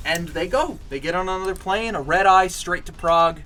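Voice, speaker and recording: A man telling a long shaggy-dog joke on a home stream, wandering through it with fillers and restarts. His voice sits a little high for a man. Faint music plays underneath. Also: normal speed, few pauses, sharp tone. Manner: rambling, many fillers and restarts.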